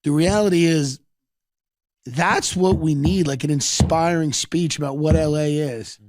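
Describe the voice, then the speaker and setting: A man hosting a podcast, riffing in a sardonic, rambling comedic monologue with quick asides. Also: on the high side, background noise. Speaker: podcast host.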